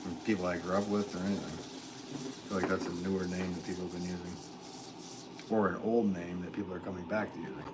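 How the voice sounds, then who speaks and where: A man talks loosely to his live-stream viewers from a pottery studio, wandering between thoughts and joking at his own expense. His voice sits on the low side. A steady layer of background noise runs under everything. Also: quick pace. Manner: rambling, self-deprecating, chuckling. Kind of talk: casual live-stream chat.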